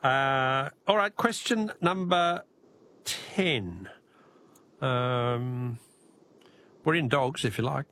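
Chatty Australian radio quiz host. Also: male voice, medium pitch, drawn-out words, pauses often, bright, forceful tone. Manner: chatty, jokey, chuckles at himself. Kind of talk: casual radio talkback.

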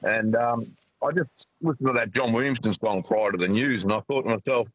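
A man's voice: medium pitch, brisk, slightly rough, no echo. An Australian man calling a radio show from his car, friendly and hesitant, with many fillers. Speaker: caller. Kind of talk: casual phone call to radio. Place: in a car, driving. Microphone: phone. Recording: muffled phone line.

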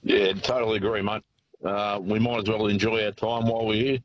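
An Australian man calls in from his car, voice a little low, sounding dull and muffled over the phone with a faint hiss behind. He talks haltingly, stumbling over repeated words and fillers. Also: little pitch movement. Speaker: caller. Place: driving in a car.

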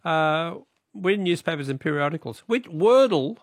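Gravelly Australian radio quiz host. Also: male voice, on the high side, lively intonation, normal speed, no room sound, clean studio sound. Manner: chatty, reads out questions and callers' answers. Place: radio studio.

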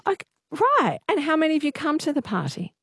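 A woman hosting a radio quiz, chatty and quick to laugh. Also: high-pitched, sing-song, a bit bright, no room sound, clean studio sound. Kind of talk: casual talkback radio chat.

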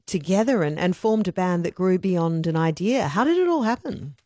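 An Australian woman hosting a radio interview in a brisk, chatty, conversational way. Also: on the low side, animated, dark tone, dry recording, clean studio sound. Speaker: radio host. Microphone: studio microphone.

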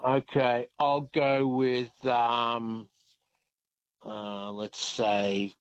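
Slow gravelly male caller, dull line. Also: medium pitch, flat delivery, no room sound. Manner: slow, hesitant guessing.

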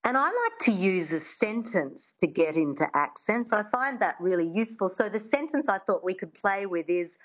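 A woman working as an accent coach on the radio. She explains patiently and models words slowly. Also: medium pitch, big pitch swings, poor audio.

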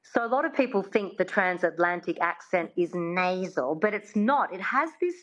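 A woman dialect coach from Australia, explaining how to learn an accent and modelling sounds slowly. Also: on the low side, lively intonation, a bit bright, rough recording. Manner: demonstrative, slows down to model sounds. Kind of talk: teaching an accent in an interview.

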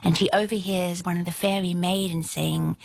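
A woman's voice: fairly low pitch, steady tone, moderate pace, gravelly, darkish tone, no echo. A woman telling a folktale aloud in a dramatic way, often dropping to a whisper for suspense. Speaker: storyteller. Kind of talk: oral folktale storytelling.

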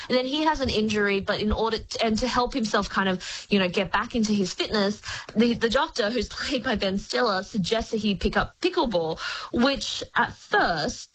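A woman chatting as a guest critic, explaining shows at length in an articulate, lively way. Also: fairly high pitch, slight background noise, rough recording. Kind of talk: casual review chat.

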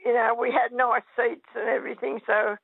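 A woman calls in to a radio show, speaking gently and hesitantly. Her high voice is husky with a gravelly fry, and it comes through a tinny phone line. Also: level tone, a little fast, no room sound. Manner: gentle, hesitant, restarts often. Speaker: caller. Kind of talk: phone-in chat. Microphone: telephone.

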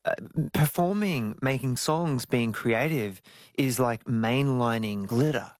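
A man, telling stories as an interview guest, jumping into high squeaky tones when he jokes. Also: takes it slowly, dry recording. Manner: animated storytelling, jumps to high squeals when joking. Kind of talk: casual interview chat.

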